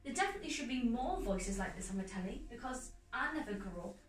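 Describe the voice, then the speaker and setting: Animated North East English actress, higher voice. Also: female voice. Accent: North East England. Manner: animated, emphatic, quick restarts. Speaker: actress, guest. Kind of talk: casual interview chat. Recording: echoey room, mic at a distance, faint music.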